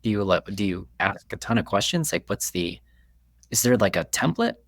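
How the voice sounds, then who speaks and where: Male podcast host, very low voice, halting probing questions, dry sound. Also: very animated, no room sound. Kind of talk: casual podcast conversation.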